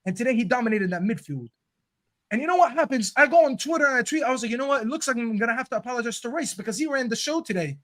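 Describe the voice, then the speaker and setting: A man's voice: very high-pitched, pushed and bright. A man whose first language is Arabic, ranting emphatically and swearing freely in a heated football debate on a podcast panel.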